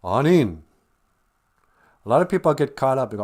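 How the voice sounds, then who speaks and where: Reading viewer comments out loud and chuckling, a Minnesota man teaches Ojibwe during a relaxed livestream. He has an Upper Midwest accent and a medium-pitched, slightly mellow voice with wide pitch swings at a moderate pace.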